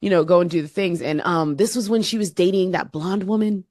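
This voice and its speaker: A woman co-hosting a podcast, telling stories in a casual, animated way with lots of fillers. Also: fairly low pitch, a little fast, dry recording, studio quality. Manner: animated storyteller, laughing, many fillers. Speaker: podcast co-host. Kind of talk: casual chat.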